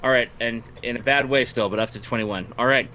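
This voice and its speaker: A man's voice: medium pitch, fairly even intonation, brisk, sharp tone, slight background noise. A man running a tabletop game as game master, narrating turns in a friendly way and laughing often.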